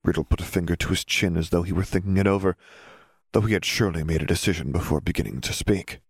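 Deep, husky male storyteller. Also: dry recording, studio quality. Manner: steady, measured storytelling. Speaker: audiobook reader. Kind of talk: narrated fan fiction reading.

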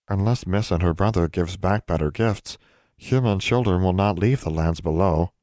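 A man's voice: low-pitched, normal speed, dry recording, studio quality, close to an everyday voice. A man whispering as a timid little elf servant. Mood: hushed. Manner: soft hushed third-person speech.

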